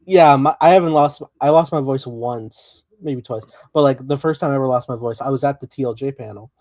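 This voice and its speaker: A young man with a warm, mellow tone chats as a podcast host, enthusiastic and giggly as he talks. The sound is dry and close, with no room echo. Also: mid-range voice, a little fast. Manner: enthusiastic, giggly fan talk. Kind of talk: casual chat.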